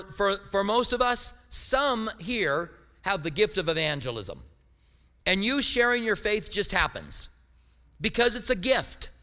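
Middle-aged male pastor, humorous storyteller, forceful tone. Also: high voice, in a large hall. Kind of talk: sermon.

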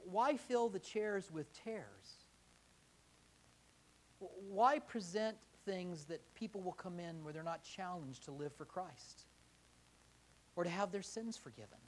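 A man's voice: high-pitched, lively intonation, takes it slowly, pauses often, a little hiss or hum. A man preaching a sermon as pastor, impassioned and building to emphatic exhortation in a church.

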